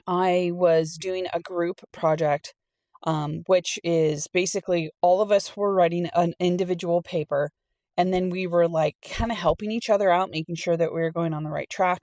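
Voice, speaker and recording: A middle-aged woman reading a storytime aloud and telling her own college story in a chatty, animated way. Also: lowish voice, normal speed, no room sound. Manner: chatty and animated, acts out quoted people. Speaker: storytime reader and channel host. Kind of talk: casual storytime reading with personal anecdote.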